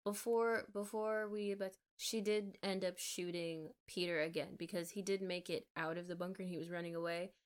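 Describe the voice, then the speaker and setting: Lively woman recapping a movie. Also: lowish voice, normal speed, hardly any pauses, clear, resonant tone. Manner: animated storytelling, acting out characters' lines. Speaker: podcast co-host. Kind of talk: casual movie recap chat.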